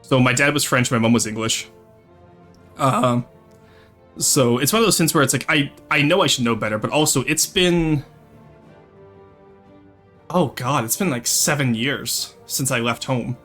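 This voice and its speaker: A man's voice: medium pitch, animated, a little slow, long pauses, fairly bright tone, faint music behind. Chatty bilingual male streamer. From Ontario, Canada. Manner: chatty, switches between English and French, laughs often. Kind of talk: casual live-stream chat, reading chat aloud.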